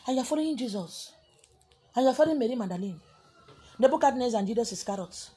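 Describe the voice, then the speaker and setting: A Nigerian-accented woman preaching with a strongly husky, breathy voice pitched a little high. She lectures her listeners sharply, scolding and confronting them as a spiritual teacher. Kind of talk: preaching to an audience.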